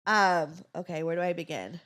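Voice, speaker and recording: A young woman co-hosting a podcast, chatting casually and reading a listener's letter, with lots of "like" and quick laughing asides. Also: fairly low pitch, animated, a bit bright. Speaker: podcast co-host.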